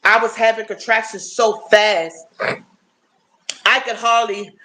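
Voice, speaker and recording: A woman in her fifties chatting casually and warmly to her viewers on a phone livestream, often checking in with "you know what I'm saying?". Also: a little high, flat delivery, slow pace. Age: 50s. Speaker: livestream host.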